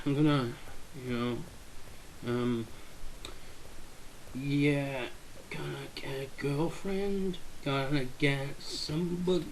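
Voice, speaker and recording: A man's voice: on the high side, steady tone, slow, long pauses, darkish tone, a little hiss or hum, rough recording. A man rambling goofily over a game, drifting off topic and breaking into silly bits of song. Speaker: let's play gamer. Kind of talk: rambling gameplay commentary.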